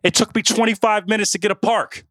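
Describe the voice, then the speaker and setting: A man from the Bay Area co-hosting a sports podcast, ranting in an animated way and repeating himself for emphasis. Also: high-pitched, fast talker, no echo. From San Francisco Bay Area. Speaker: podcast co-host. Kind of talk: casual sports podcast chat.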